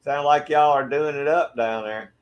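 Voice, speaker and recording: A middle-aged man from Georgia with a Southern accent, hosting a relaxed livestream and greeting viewers by name. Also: fairly high pitch, normal speed, highs cut off. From Georgia, USA. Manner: friendly, laid-back, greets viewers by name. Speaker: livestream host. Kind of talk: casual chat reading viewer comments. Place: backyard shed.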